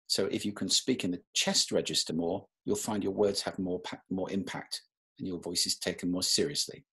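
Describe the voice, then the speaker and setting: A man presenting a webinar talk on speaking, with an expressive, demonstrative delivery. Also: low-pitched, moderate pace, husky.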